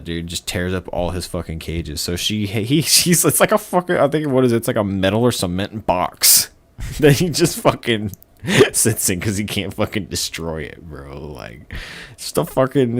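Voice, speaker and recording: Very deep-voiced profane podcast guest man. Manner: profane, rambling, animated storytelling. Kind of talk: casual chat.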